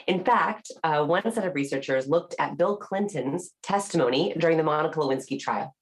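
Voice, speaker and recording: Low-voiced woman explaining with animated emphasis. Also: a little fast. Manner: animated explainer, acts out quoted voices with rising inflection. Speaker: author and body language researcher. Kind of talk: podcast interview.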